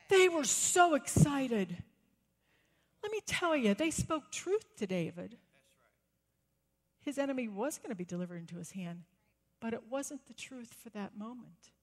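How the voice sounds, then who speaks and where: A woman's voice: a little high, a little slow, long pauses. Woman preaching in a reverberant church. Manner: storytelling, acting out quotes with rising excitement. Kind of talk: sermon. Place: church sanctuary. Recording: long reverb of a church hall.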